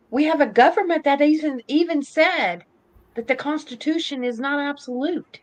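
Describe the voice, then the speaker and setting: A woman in her fifties holds forth on her podcast in an impassioned, ranting way. Her voice sits a little on the high side, and she hammers her points home with heavy emphasis. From United States. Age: 50s. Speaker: podcast host. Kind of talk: political opinion talk.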